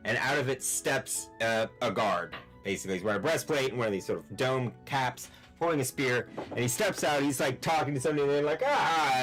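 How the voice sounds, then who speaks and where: A man's voice: mid-range voice, a bit bright. A man running a tabletop game over an online call, narrating loosely with many fillers. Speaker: game master.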